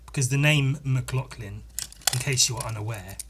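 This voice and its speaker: A man's voice: medium pitch, moderate pace, noisy background. Sweary man rambling solo. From Scotland. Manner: profane, self-mocking, rambling. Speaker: podcast host. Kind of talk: casual comedic monologue.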